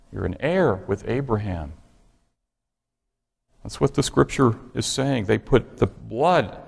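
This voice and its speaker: Gravelly preacher in an echoing hall. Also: male voice, medium pitch, a little mellow. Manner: emphatic, asks the congregation rhetorical questions. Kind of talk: sermon.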